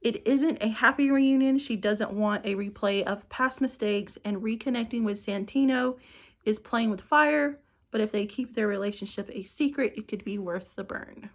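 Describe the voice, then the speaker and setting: A woman's voice: medium pitch, moderate pace. A woman reading out short book summaries for her channel, evenly, with small slips and restarts. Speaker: book reviewer. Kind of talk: reading book blurbs to camera.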